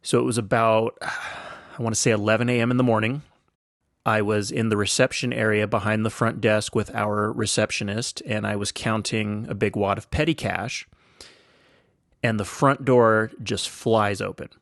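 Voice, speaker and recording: A man's voice: fairly low pitch, fairly even intonation, moderate pace, vocal fry, a bit bright, no echo, clean studio sound. An older American man hosting a podcast, telling a story in an enthusiastic, chatty way with many fillers. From United States. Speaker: podcast host. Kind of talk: casual storytelling.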